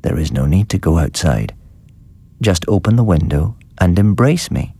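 A man's voice: low-pitched, lively intonation, moderate pace, dark tone, husky, no room sound, heavily acted. A man voicing an undead old man in a spoken storybook, speaking in a dead, toneless voice. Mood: menacing.

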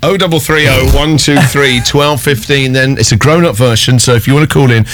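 A man hosting a radio show, trading quick, playful banter. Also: mid-range voice, fairly bright tone, a little hiss or hum. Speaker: radio host.

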